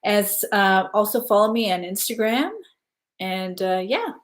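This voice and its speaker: A woman hosting a casual spiritual stream, guiding listeners through breathing and giving gentle advice, often checking in with "okay?". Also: medium pitch, measured pace. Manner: soothing, repeats "okay?" to check in. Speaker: spiritual live-stream host. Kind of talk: casual guided spiritual talk.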